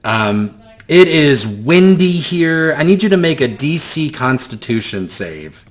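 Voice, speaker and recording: A man narrates a tabletop game as game master at a slow pace. He pauses often with ums. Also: a little high, very animated, faint music behind. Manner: hesitant, many ums.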